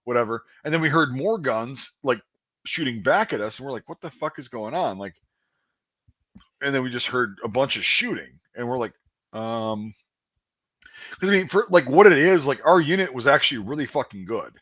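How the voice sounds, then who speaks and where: Man, thirties, animated swearing storyteller, lively pitch swings, dull dry mic sound. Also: normal speed, dry recording. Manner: profane, animated storytelling with shouted impressions. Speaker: podcast host and army veteran. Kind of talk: casual storytelling chat.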